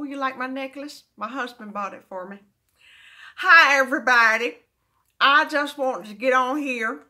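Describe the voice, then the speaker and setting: A woman puts on a brassy older Southern mama who drawls and teases. The voice sits high and very bright, and she takes her time with every word. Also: exaggerated voice. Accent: put-on American Southern. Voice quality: drawling, teasing, showy. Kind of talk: comic character video greeting.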